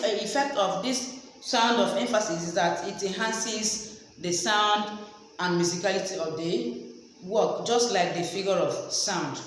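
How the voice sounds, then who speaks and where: A woman teaching a literature lesson, slowly explaining and repeating each example. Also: a little high. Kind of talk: classroom lecture. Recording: very echoey room, faint background noise.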